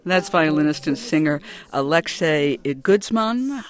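A woman hosting a radio interview, introducing guests in clear, measured phrases. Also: low voice, expressive, a crowd in the background. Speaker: radio host.

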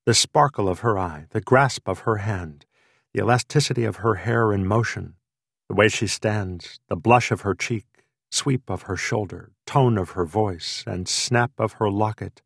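A man narrating an audiobook in unhurried, lyrical phrasing. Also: fairly low pitch, vocal fry, slightly rough, no echo, studio quality.

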